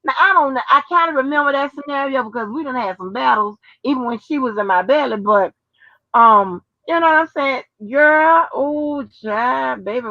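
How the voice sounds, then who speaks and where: A woman's voice: sits high, normal speed, no room sound, lo-fi sound. A woman chatting casually and bluntly on a livestream, full of slang and swearing. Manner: brash, slangy, swears freely. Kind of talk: casual chat.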